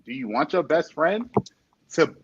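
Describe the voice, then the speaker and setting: A man's voice: fairly high pitch, a little slow, very noisy. Man telling a story, lo-fi sound. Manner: animated storyteller, laughs often. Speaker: interview guest. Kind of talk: conversational podcast interview. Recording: dull lo-fi sound.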